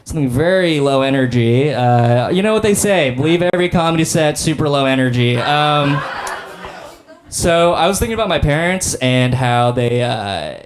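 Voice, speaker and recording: A man's voice: fairly high pitch, expressive, normal speed, slight background noise. A young man doing a stand-up comedy set on stage, rambling in a laid-back way with lots of "like" and "I don't know". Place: comedy stage before a live audience.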